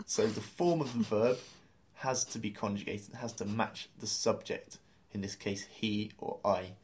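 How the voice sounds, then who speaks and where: A man's voice: fairly low pitch, fairly even intonation, a little slow, a little mellow. A man teaching a beginner language lesson, explaining grammar step by step and spelling out words letter by letter.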